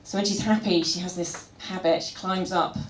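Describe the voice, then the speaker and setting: A woman performing stand-up live, with a wry, pun-loaded delivery and plenty of chat with the crowd. Her voice carries through a roomy venue, and a clear murmur of the audience sits behind it. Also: lowish voice, steady tone, moderate pace. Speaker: stand-up comedian. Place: comedy venue stage. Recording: echoey venue with crowd noise.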